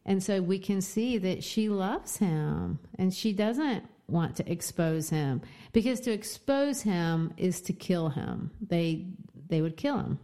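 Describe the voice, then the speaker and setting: A woman in a casual book discussion, retelling the story in an animated way. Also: on the low side, slow, few pauses. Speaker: co-host discussing a novel.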